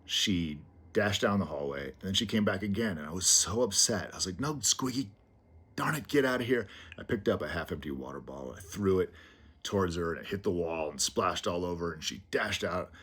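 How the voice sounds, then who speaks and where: A man casually telling a rambling personal anecdote in his small home, halting with fillers. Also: sits low, a bit bright, slightly rough. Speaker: vlogger. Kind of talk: casual storytelling. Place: small low-ceilinged home.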